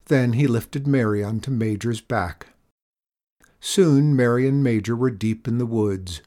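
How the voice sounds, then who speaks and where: A man narrating a children's storybook aloud in a gentle, expressive way. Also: medium pitch, unhurried.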